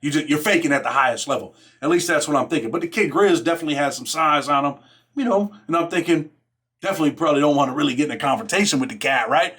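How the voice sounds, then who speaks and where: His voice runs high, husky and a bit bright, and he races through the story. He's a middle-aged podcast host from Rochester, New York, casually narrating a prison story in slang, leaning on "man" and "right?" and acting out others' lines.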